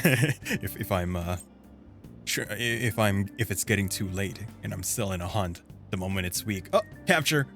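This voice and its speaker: A man's voice: on the low side, animated, moderate pace, fairly bright tone, soft background music. A man streaming a game, reading dialogue aloud and chatting playfully, laughing often. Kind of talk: gameplay reading and chat.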